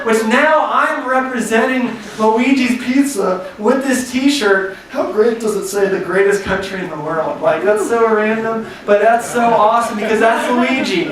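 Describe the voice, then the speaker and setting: Male pastor, high voice, casual rambling sermon style, distant roomy recording. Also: a bit bright, slight background noise. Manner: casual storytelling, many "like" fillers. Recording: echoey hall recorded from a distance.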